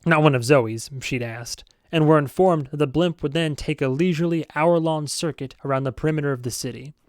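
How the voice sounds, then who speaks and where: A man narrating a novel as an amateur audiobook reader, steady and with self-aware asides. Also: mid-range voice, no echo, studio quality.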